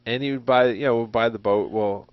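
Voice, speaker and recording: A man's voice: medium pitch, fairly even intonation, normal speed, dry recording. A man co-hosting a podcast, telling a rambling, chuckling story in casual chat. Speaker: podcast co-host. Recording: dull, dry lo-fi recording.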